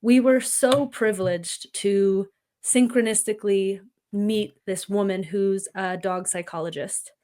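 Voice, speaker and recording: A woman on a podcast, calmly and earnestly telling a reflective personal story. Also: mid-range voice, a little slow. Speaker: podcast guest. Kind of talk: conversational podcast chat.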